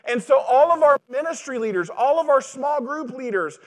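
A man's voice: very high-pitched, animated, normal speed. A man preaching a sermon as pastor, talking conversationally and putting rhetorical questions to the congregation.

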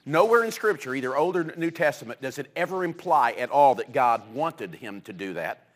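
A man preaching a sermon, telling stories with lively energy and acting out the people he quotes. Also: medium pitch, normal speed. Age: adult with children. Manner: animated storytelling, acting out quoted voices. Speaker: pastor.

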